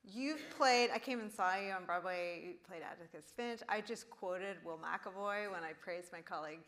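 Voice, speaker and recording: A woman interviewing a guest on stage, eager, with quick asides and frequent laughter. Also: medium pitch, fairly bright tone.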